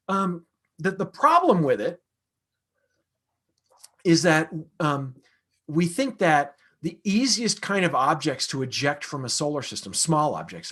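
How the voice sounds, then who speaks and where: A man's voice: fairly high pitch, a bit bright, breathy edge. A man, an astronomer, answering audience questions in a casual, conversational lecture with frequent fillers and restarts.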